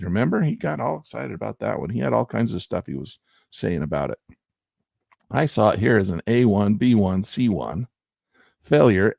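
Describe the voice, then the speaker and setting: Gravelly, folksy man rambling over charts. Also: on the low side, darkish tone, dry recording, clean studio sound. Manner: folksy and rambling, talks to himself. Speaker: stock options trader. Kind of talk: casual commentary over trading charts.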